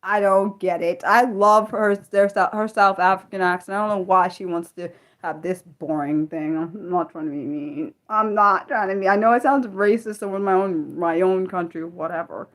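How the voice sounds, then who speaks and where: A young American woman hosting a casual livestream, excitable and apologetic, talking back to her chat with many restarts. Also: mid-range voice, moderate pace, hardly any pauses. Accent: American, Maryland. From United States. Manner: excitable, apologetic, lots of restarts and self-corrections. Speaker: livestream host.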